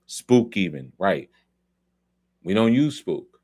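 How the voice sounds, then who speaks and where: Low-voiced man talking casually. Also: very animated, takes it slowly, dark tone. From New York. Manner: loose and conversational, many restarts and asides. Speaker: host. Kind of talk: casual film commentary talk.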